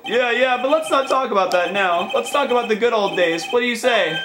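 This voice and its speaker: A man voicing a loud, lovesick young goofball who whines and brags. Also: very high-pitched, fairly quick, noisy background. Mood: boastful. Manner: brash, whiny, boastful. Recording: loud game music behind.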